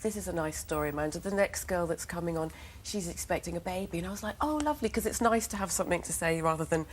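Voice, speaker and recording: An English woman as a guest on a TV studio sofa, telling lively anecdotes and acting out what people said. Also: lowish voice, quick pace, a little hiss or hum. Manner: lively storyteller, acts out quotes. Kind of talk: chatty showbiz interview anecdotes.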